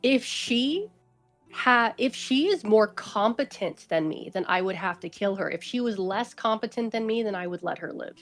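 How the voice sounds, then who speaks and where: A woman chatting casually as a stream guest, deadpan and matter-of-fact. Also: medium pitch, normal speed, soft background music. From United States. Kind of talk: casual chat.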